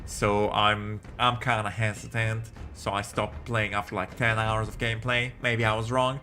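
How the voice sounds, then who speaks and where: A man's voice: lowish voice, flat delivery, moderate pace, sharp tone, soft background music. Chatty man hosting a gameplay stream. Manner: chatty, joking, talks to viewers. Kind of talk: live game commentary.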